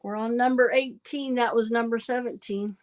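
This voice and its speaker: A woman's voice: on the high side, fairly even intonation, normal speed. A woman hosting a casual trivia livestream, chatting and reading quiz questions aloud. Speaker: livestream host.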